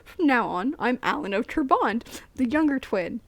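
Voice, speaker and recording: A woman's voice: fairly high pitch, lively intonation, moderate pace, dry recording. A woman voicing a determined young noble girl who speaks firmly and earnestly.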